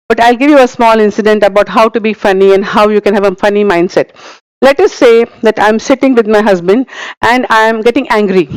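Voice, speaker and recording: A woman's voice: mid-range voice, darkish tone, clean tone, no room sound, poor audio. A middle-aged woman with an Indian English accent, speaking as a conference speaker and telling stories with emphatic repeated words. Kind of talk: conference talk. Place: conference hall.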